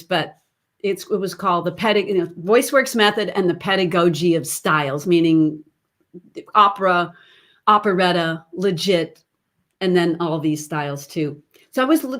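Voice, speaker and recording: A woman voice teacher giving an online webinar lesson over a computer mic, chatty and explaining as she goes. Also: mid-range voice. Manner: chatty, demonstrates sounds and sung snippets mid-explanation.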